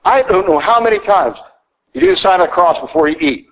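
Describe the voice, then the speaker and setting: A man's voice: sits high, sing-song, a little fast, a bit bright, rough recording. A middle-aged male priest giving a blunt, conversational sermon in a church, often asking "okay?". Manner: blunt, conversational preaching with frequent "okay?" asides.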